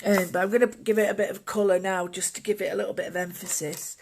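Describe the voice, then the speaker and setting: Chill art teacher talking thru a painting step by step, middling pitch, soft faint noise in the room. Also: quick pace, vocal fry, few pauses. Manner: calm, gentle, thinking aloud while working. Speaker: mandala art instructor. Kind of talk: casual drawing and painting tutorial.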